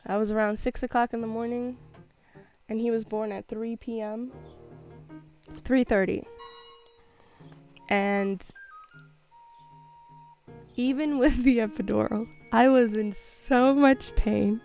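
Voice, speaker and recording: A young woman streamer telling a long story in a casual, animated way, full of fillers and quick laughs. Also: a little high, soft background music. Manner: animated, chatty, many fillers, laughs often. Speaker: gaming streamer.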